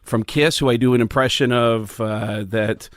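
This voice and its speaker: Male comic guest, relaxed storyteller, average pitch, dry studio mic. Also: normal speed, dry recording. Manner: easygoing, storytelling, stumbles over fillers. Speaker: comedian and impressionist guest. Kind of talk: casual chat.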